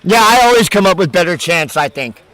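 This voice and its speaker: A man giving casual, mocking live-stream commentary, laughing often and breaking into loud outbursts. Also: high-pitched, expressive, fairly quick.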